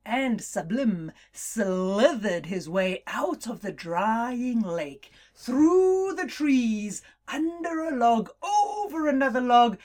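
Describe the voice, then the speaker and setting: A woman narrates a children's adventure story she is making up as she goes. Her voice sits a little high and leaps about expressively. She takes her time, drawing the words out slowly and playfully. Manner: playful, laughing, very slow and expressive.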